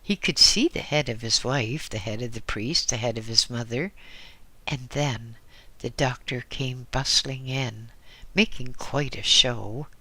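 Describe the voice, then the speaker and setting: A man reading an audiobook in a slow, measured way, dropping into soft whispers now and then. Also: mid-range voice, no room sound. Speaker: audiobook reader. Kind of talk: scripted audiobook narration.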